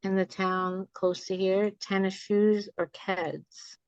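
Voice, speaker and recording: A woman's voice: mid-range voice, takes it slowly, clear, resonant tone, dry recording, muffled recording. A woman from New Jersey with a North Jersey accent, chatting as a guest in a casual interview over a video call. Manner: chatty, animated storyteller. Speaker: guest, memoir author.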